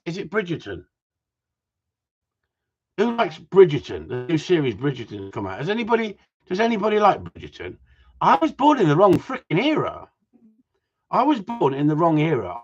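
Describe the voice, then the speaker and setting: A man's voice: high voice, wildly swooping pitch, normal speed, highs cut off. A man, from Wigan, chatting on a livestream, joking, swearing and rambling at his viewers. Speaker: gundog trainer. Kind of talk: casual livestream chat.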